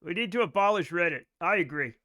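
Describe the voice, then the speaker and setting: Male game streamer with a high, sharp voice who talks to chat casually, cracking profane jokes. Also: animated, quick pace. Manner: joking, profane, rambling talk to chat. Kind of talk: live gameplay stream chatter.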